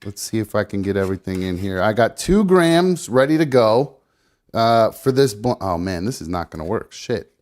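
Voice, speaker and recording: Low-voiced rambling man, casual and swearing. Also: lively intonation, normal speed, a little mellow. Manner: rambling, swearing, self-narrating while rolling. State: slightly out of breath. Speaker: live show guest rolling a blunt. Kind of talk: casual live-stream chat.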